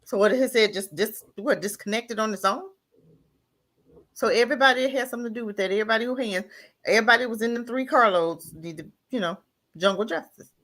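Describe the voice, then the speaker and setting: A woman's voice: on the high side, brisk, fairly bright tone. A mother and guest on a talk radio show, talking bluntly and firing off rhetorical questions in casual chat. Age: adult, mother.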